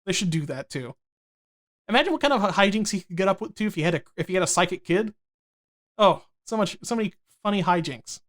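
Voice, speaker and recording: A man's voice: high-pitched, lively intonation, fast, a bit bright. A young man co-hosting a podcast, chatting casually in a rambling, profane, jokey way with lots of restarts. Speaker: podcast co-host. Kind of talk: casual chat.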